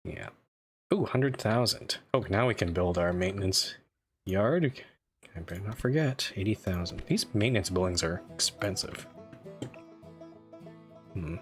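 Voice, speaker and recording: Male game streamer, lowish voice, rambling self-deprecating chat, faint music underneath. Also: lively intonation, measured pace, pauses often. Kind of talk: casual live-stream commentary.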